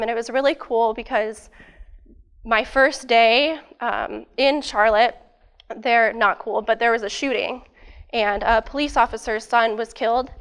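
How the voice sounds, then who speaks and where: Chatty young woman presenting, slightly high. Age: young adult. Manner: casual, many fillers, eager. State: losing her voice. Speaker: student presenter. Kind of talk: academic presentation.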